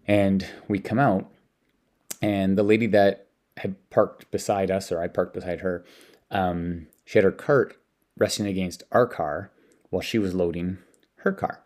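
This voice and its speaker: A man's voice: low voice, steady tone, unhurried, a little mellow. A man from Canada telling personal stories about lessons with his young son, rambling with many restarts. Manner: rambling, with frequent repeated words and restarts. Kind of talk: casual storytelling.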